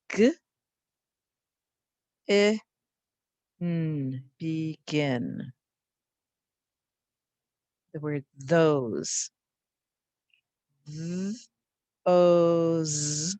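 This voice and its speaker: A woman's voice: on the low side, a little mellow, no room sound. A woman teaching a spelling lesson to young children, patiently sounding out letters and words.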